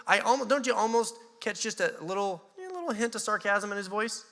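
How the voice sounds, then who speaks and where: A man with an American accent preaching a sermon as pastor, animated and acting out voices with a touch of sarcasm. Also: high-pitched, fairly quick. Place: church hall. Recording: church hall reverb.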